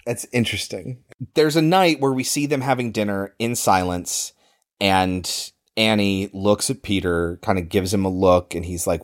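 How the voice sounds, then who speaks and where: Pitched on the low side and paced moderately, a male podcast co-host retells a film casually. His recap is lively and peppered with swearing as he voices the quoted dialogue.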